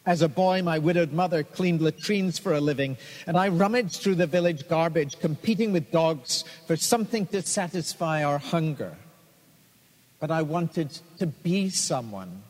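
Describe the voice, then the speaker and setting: A man's voice: fairly high pitch, lively intonation, darkish tone. A man voicing a dignified older male surgeon who speaks kindly and earnestly. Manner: earnest, measured testimony. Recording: long hall reverb.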